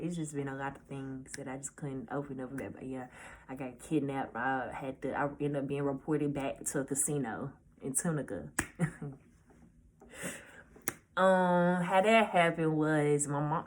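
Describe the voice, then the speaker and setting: Young woman, 19, low-pitched, faint background hiss, hesitant, casual storytime vlog. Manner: halting, hesitant, with many restarts; casual, informal speech. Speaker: vlogger. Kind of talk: personal storytime monologue.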